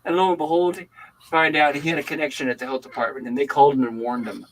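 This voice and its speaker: An older man hosting a livestream, chatting casually and telling animated stories. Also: on the high side, fast, slight background noise, low-quality recording. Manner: animated storytelling. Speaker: livestream host. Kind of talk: casual chat.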